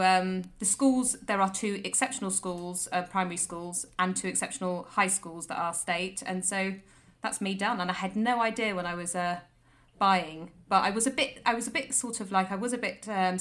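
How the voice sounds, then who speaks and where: A woman's voice: medium pitch, steady tone, moderate pace, a bit bright. A woman co-hosting a comedy podcast, telling a rambling anecdote with lots of voiced quotes. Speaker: podcast co-host. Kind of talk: comic storytelling chat.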